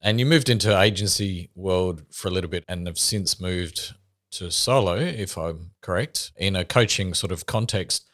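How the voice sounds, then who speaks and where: Male podcast host, very low voice, dry close mic, loose rambling questions. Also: moderate pace, fairly bright tone, dry recording. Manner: long, rambling questions with restarts.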